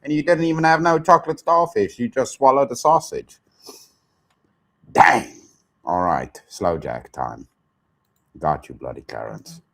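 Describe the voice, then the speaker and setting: A South African man riffs through his reaction commentary, joking and chuckling as he goes. His pitch swings widely from line to line, and the banter stays loose and casual throughout. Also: big pitch swings, measured pace, gravelly, pauses often, fairly bright tone. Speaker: host.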